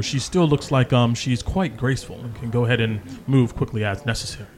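Casual male game master narrating. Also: mid-range voice. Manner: casual, many ums and hedges.

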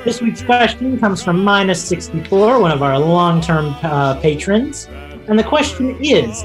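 A man's voice: sits high, sing-song, soft background music. Jokey podcast co-host, man. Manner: upbeat, jokey, quick to laugh. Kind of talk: casual chat.

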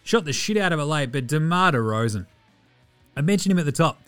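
An excitable Australian man rattles through scores in a quick, casual recap, throwing in jokes and the odd swear. His voice sits a touch high, recorded dry and close with faint music underneath. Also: clear, resonant tone, no echo. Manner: excitable, swears freely, jokey asides. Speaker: podcast host. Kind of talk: fast casual sports recap.

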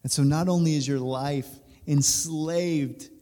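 A man in his thirties, a pastor, telling a personal story during a sermon, animated and laughing through it. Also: on the high side, unhurried. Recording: reverberant hall.

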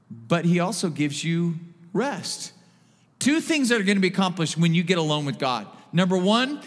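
A man preaching a sermon as pastor, animated, dropping to a hush and then rising loud. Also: high voice, big-room sound. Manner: animated, swings from hushed to loud. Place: church sanctuary.

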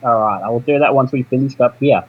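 Brief: male co-host, husky, animated pitch, lo-fi sound. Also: fast talker. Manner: hesitant, questioning. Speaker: podcast co-host. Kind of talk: casual podcast chat. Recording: dull lo-fi mic.

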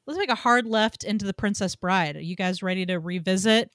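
A woman hosting a casual film podcast, animated and swearing freely, with lots of "like". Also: mid-range voice, brisk, no echo, clean studio sound. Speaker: podcast host.

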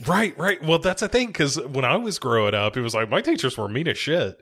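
A man's voice: fairly high pitch, sing-song, a little fast, pushed and bright, slightly rough, soft background music. A young man co-hosting a podcast in casual chat, rambling and joking with many restarts. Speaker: podcast co-host.

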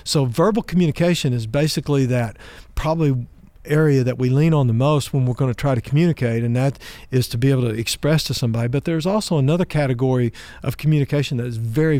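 Measured, dry-sounding male pastor. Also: mid-range voice, warm tone, no room sound. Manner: measured, conversational, explains with examples. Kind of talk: teaching talk on relationships.

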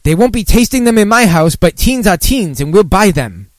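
A man putting on the high, mocking voice of a fussy, complaining mother. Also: big pitch swings, normal speed, no echo, studio quality. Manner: mocking high falsetto-like reading.

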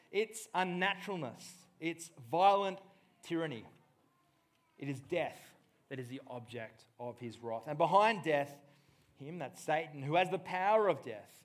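Impassioned male preacher, fairly high voice. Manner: impassioned, swings from hushed to loud bursts. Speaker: pastor. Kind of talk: sermon.

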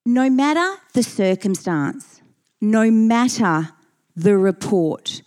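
A woman's voice: on the high side, lively intonation, slow, a little mellow, clean tone. A woman preaching a sermon, earnest and emphatic, reading scripture and repeating key phrases for weight.

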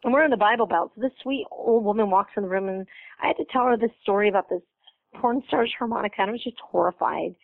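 A woman comedian telling anecdotes as a guest, lively and quick to laugh. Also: medium pitch, gravelly, dry recording, narrow, tinny audio. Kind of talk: casual storytelling interview.

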